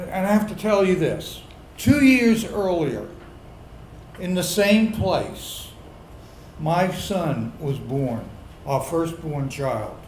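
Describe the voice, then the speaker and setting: Middle-aged guy telling a funny story live at a pub, really slow delivery, kinda high voice, gets loud and worked up. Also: echoey room, a little hiss or hum, poor audio. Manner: comic, builds to loud indignant outbursts. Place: pub stage before a live audience.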